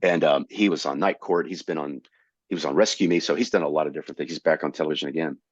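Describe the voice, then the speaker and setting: A man in his sixties from Florida, a comedian guest telling animated stories in casual conversation. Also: very deep voice, fast, slightly rough, no echo. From Tampa, Florida. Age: 60s. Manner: animated storyteller. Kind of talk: casual storytelling. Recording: dull, slightly lo-fi dry recording.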